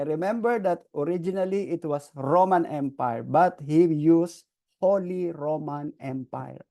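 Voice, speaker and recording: Man, teacher, history lecture, raised pitch, gravelly, frequent "okay". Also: dark tone. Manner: frequent "okay" checks, restarts.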